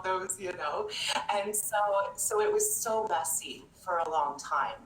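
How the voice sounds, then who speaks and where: A woman's voice: mid-range voice, unhurried. A woman, a therapist guest in an interview, telling stories in a conversational way with many restarts. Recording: echoey room, faint noise.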